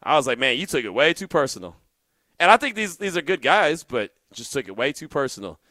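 A man hosting a solo sports podcast, telling a story animatedly and growing loud and incredulous at times. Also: fairly high pitch, very animated, a little fast, no room sound.

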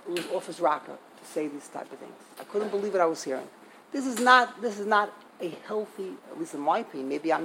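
A man's voice: sits high, creaky, a little hiss or hum, rough recording. An older man giving an informal Torah class, emphatic and indignant, repeating himself for stress. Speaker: Torah teacher.

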